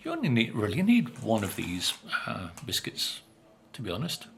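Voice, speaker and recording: Chewing biscuits and sometimes talking with food in his mouth, an older vlogger offers a relaxed, filler-heavy review. His gravelly voice is on the low side with huge pitch swings, his speed is normal, and there's slight background noise.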